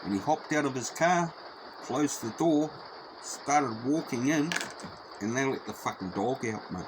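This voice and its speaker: A man's voice: medium pitch, animated, a little slow. A man telling a story in a rambling, profane, repetitive way. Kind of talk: casual spoken anecdote. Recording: noisy background.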